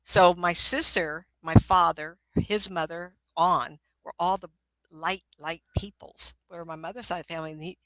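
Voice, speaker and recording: A woman's voice: lowish voice, steady tone, normal speed, a bit bright, dry recording, rough recording. An older woman working as a psychic medium, giving readings in a casual, chatty, motherly way on a live stream. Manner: chatty, motherly, calls people honey.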